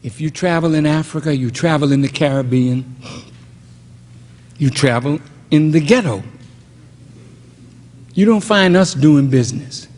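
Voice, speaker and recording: An older man preaching a fiery sermon as a minister, rising to shouts and then dropping low. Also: unhurried, pauses often, long reverb tail. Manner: preaching with shouted peaks and sudden drops. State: fired up.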